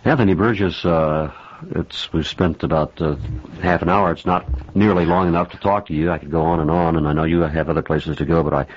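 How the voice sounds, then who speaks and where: A male interviewer with an extremely low voice asks probing questions, pausing often on fillers. His tone is husky, and the old tape sounds muffled. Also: steady tone. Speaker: radio interviewer, host. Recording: dull lo-fi archival interview tape.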